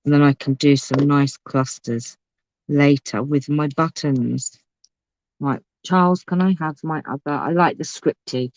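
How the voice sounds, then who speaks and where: A woman's voice: sits low, unhurried, darkish tone, no echo, lo-fi sound. A woman hosting a casual crafting livestream, chatting and thinking aloud as she works. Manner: chatty, thinks aloud, talks to her pet. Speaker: craft channel host.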